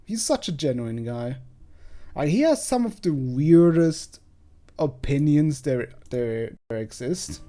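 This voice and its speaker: Chatty man with a mellow, throaty voice. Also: on the high side, expressive, slow pace. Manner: chatty, rambling, self-deprecating. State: slightly throaty. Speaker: let's play host. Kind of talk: casual gameplay commentary.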